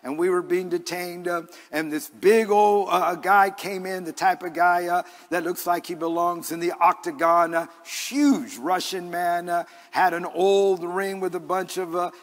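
A man's voice: high-pitched, fairly even intonation, unhurried, few pauses, big-room sound. A male pastor preaching a sermon in an earnest, conversational way, mixing scripture with personal stories, recorded in a church. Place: church sanctuary.

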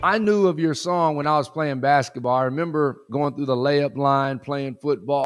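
A man's voice: fairly high pitch, normal speed, soft background music. A man hosting an interview, asking long questions that mix in his own memories. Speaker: host.

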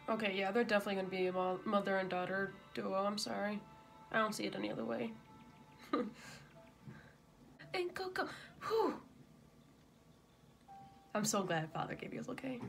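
A young woman reacting live to a TV episode, excitable and emotional, blurting and shouting at the screen and swearing freely. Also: medium pitch, normal speed, vocal fry, pauses often, faint music behind, poor audio. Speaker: reaction video host. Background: episode soundtrack playing.

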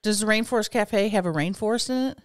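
A woman's voice: mid-range voice, fast talker, dry recording. A woman with a mid-range voice chats as a podcast guest. She asks playful, teasing questions. Her voice sounds dry and close to the mic. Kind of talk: casual chat.

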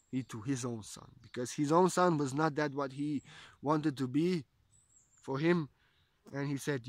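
Male spiritual teacher, higher voice, rambling storyteller in broken English, dry close sound. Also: normal speed, no room sound. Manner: digressive, simple broken English with frequent "you know".

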